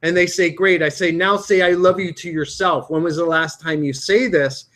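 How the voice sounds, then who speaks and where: A middle-aged man, an acupuncturist, earnestly explaining a healing mantra and leading a guided meditation with slow sing-song chanting. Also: fairly high pitch, fairly even intonation, a bit bright.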